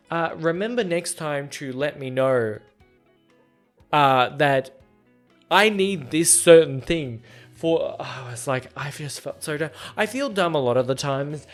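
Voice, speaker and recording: A man's voice: medium pitch, a bit bright. A young man hosting a podcast, telling a rambling, self-deprecating story in casual chat and acting out both sides of conversations. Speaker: podcast host.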